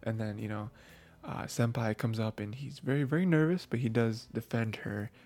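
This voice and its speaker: A man hosting an anime review podcast, recapping episodes in a rambling casual way with many fillers and quick acted-out lines. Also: medium pitch, a little mellow.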